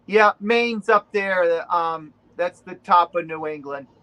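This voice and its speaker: Chatty Boston-accented man, higher voice. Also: takes it slowly, pushed and bright, poor audio. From Rhode Island. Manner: rambling, chatty, with many fillers. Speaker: guest. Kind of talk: casual chat on a video call.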